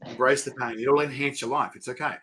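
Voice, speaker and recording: A middle-aged Australian man hosts a casual live-stream interview, rambling excitably and reading viewer comments aloud. He speaks fast at a medium pitch.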